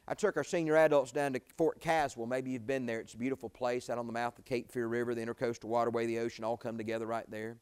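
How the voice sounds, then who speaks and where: A man's voice: medium pitch, little pitch movement, quick pace, few pauses, clean tone. A middle-aged man preaching a sermon, telling a folksy personal story that climbs to pleading, emotional peaks.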